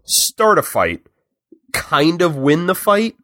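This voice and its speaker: A man recapping a film on a podcast in a chatty storytelling way, with quick asides. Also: on the high side, very animated, pushed and bright, dry recording, clean studio sound. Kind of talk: casual chat.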